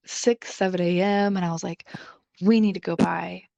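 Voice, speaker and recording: A woman's voice: lowish voice, fairly even intonation, normal speed, creaky, a little mellow, no room sound. A young adult woman co-hosting a podcast, telling a personal story in a casual, chatty way and leaning heavily on the filler "like". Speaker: podcast co-host.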